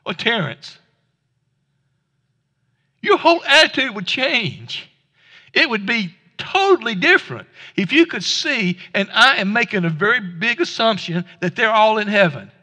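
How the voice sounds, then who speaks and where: A male pastor delivers a casual, down-home sermon, tripping over and restarting his words as he goes. His voice sits high and sounds bright and forceful. It rings out with the long reverb of a church hall. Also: big pitch swings, unhurried. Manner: conversational, folksy preaching with stammered restarts. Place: church sanctuary.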